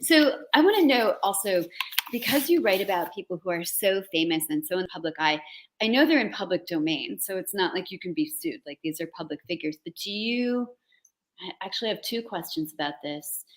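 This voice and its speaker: A woman's voice: fairly low pitch, expressive, brisk. A woman hosting an interview over a video call, chatting informally and joking with her guest. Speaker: interview host. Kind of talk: casual interview chat.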